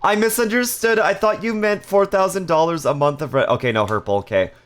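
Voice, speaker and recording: Reading out messages from viewers, this live streamer keeps things casual with playful jokes and frequent bursts of laughter. He talks a little fast in a slightly high male voice.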